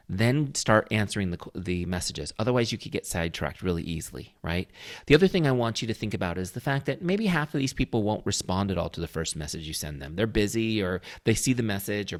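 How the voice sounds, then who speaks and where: A man with a fairly low voice talks viewers through a software tutorial, step by step. He coaches them patiently and keeps checking that they are following along. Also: creaky. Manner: coaching tone, frequent check-ins with the listener. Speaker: software trainer. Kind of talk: screen-share tutorial walkthrough.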